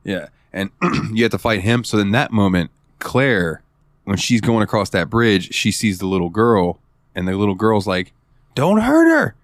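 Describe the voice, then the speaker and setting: Low-voiced man telling game stories. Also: normal speed, dry recording. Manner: excitable storyteller, swears freely. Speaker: podcast co-host. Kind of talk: casual gaming chat.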